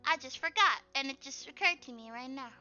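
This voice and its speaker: A young woman with a squeaky voice, chatting casually and laughing often while she draws on a livestream. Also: lively intonation, brisk, bright, forceful tone. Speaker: streamer. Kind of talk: casual chat while drawing on stream. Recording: dull lo-fi stream audio with faint music.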